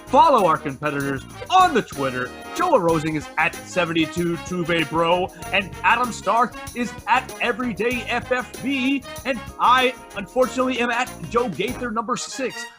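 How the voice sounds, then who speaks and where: A man's voice: high voice, expressive, normal speed, few pauses, music in the background. A man hosting a fantasy football podcast, using a mock game-show announcer delivery. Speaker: show host.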